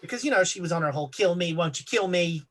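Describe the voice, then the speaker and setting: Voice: medium pitch, expressive, fast, a bit bright. A woman voicing a cheerfully callous male occultist who talks in an airy, darkly flippant way during a tabletop horror game. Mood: musing.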